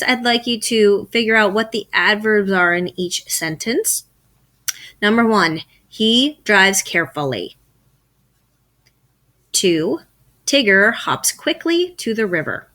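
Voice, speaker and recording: A woman's voice: mid-range voice, pushed and bright. A woman teacher giving a recorded grammar lesson, asking questions and then answering them herself.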